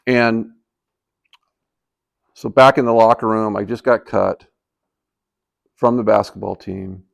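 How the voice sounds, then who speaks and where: A man's voice: on the low side, fairly even intonation, takes it slowly, creaky. An older man in retirement telling a personal story in a casual, rambling way, with many fillers and restarts. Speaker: vlogger telling life stories.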